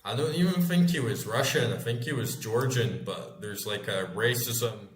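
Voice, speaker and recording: A man's voice: mid-range voice, normal speed. Scottish streamer in his thirties, loose and sweary, mid-range voice in a roomy space. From Scotland. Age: 30s. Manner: rambling, swears freely, chatty storytelling. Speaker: gaming streamer. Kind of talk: casual chat while gaming.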